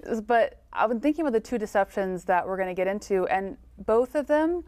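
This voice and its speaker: A woman co-hosting a casual religious discussion, thoughtful and quick to agree. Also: mid-range voice, animated, darkish tone.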